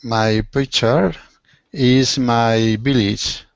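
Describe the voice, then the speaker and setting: Spanish-accented man, student, very slow, dry and dull sound. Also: mid-range voice, steady tone, creaky, clean tone, no room sound. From Spain. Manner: hesitant, simple phrasing. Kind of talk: halting learner English.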